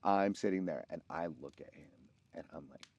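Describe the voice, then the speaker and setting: A man co-hosting a podcast, telling a personal story in casual chat, often halting and restarting mid-sentence. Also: low voice, a little mellow, slightly rough, muffled recording.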